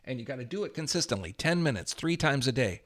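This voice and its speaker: A man giving a motivational health talk, emphatic and energetic, swinging his voice up for affirmations. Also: mid-range voice, fast talker. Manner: energetic, emphatic, repeats affirmations with rising volume. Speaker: health speaker.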